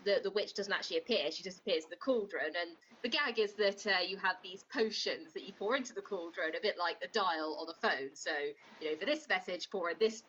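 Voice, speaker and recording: Bright sharp-tongued woman critic. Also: on the low side, fairly quick, hardly any pauses, lo-fi sound, a little hiss or hum. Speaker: podcast co-host as prosecutor. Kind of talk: comedic podcast film critique.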